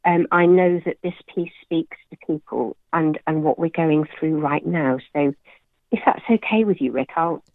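A woman, a therapist and author, speaking as an interview guest and reading her own poem in a gentle, measured way. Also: sits low, no echo, phone-quality sound.

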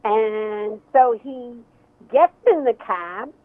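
A woman's voice: on the high side, very slow, dry recording. Woman guest on a tinny phone line. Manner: animated storytelling. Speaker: author and guest. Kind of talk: radio interview.

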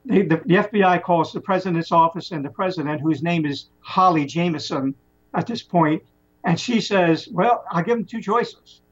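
Guy with a high voice telling a long story, chatty, kinda muffled lo-fi sound. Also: normal speed. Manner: rambling, animated retelling with restarts. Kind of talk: casual storytelling. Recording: muffled lo-fi recording.

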